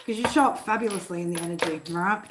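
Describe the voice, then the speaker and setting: A casual, chatty woman reading tarot live from her home, with noise clearly audible behind her voice. She swears freely, laughs easily and talks straight to the chat. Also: on the low side, fast talker. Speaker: tarot reader hosting a live stream. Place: home room.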